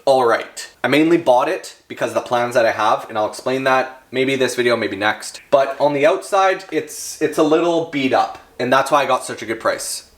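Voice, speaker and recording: Brief: young male vlogger, mid-range voice, excitable, rambling and filler-heavy. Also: mid-range voice. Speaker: car channel vlogger. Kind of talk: casual vlog talk.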